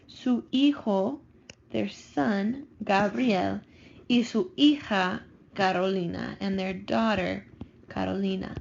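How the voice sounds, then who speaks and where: A woman teacher calmly talking students through vocabulary slides, slowing down on new words. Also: medium pitch, gravelly, lo-fi sound, slight background noise. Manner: patient, slows down for vocabulary. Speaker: Spanish teacher. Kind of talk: recorded classroom lesson over slides.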